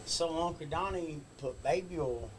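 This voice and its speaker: A man's voice: on the high side, normal speed, far from the mic, background noise. A man casually telling a backstage prank story as a guest on a talk show, laughing as he tells it. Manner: amused, laughing while telling.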